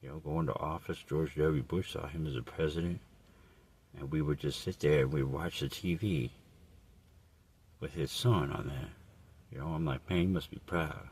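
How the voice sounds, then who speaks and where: A man telling a rambling, crude comedic story in a deadpan, profane way. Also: extremely low pitch, normal speed, pauses often, husky. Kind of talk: absurd improvised comedic monologue.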